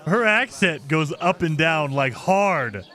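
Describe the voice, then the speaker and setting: A man's voice: fairly high pitch, expressive, slow pace, sharp tone. A man hosting a let's-play, commenting casually and with exasperation over the game, often laughing. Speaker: gaming channel host.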